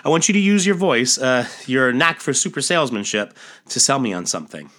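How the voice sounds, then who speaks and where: An earnest young superhero, as a man puts him on, rattling off dramatic declarations at speed. The voice sits a little above his own and sounds bright. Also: mid-range voice, expressive, brisk, voice pushed up.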